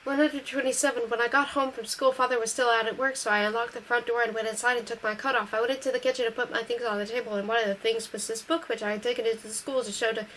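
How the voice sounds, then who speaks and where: A woman reading a novel aloud in steady first-person narration. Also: fairly high pitch, fast, few pauses, slight background noise, rough recording. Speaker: audiobook reader.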